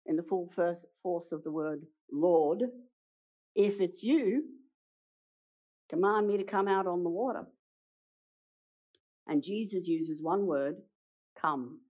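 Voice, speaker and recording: A woman preaching a sermon, retelling a story with dramatic pauses and acted-out quotes. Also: deep voice, a little mellow. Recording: dull lo-fi sound.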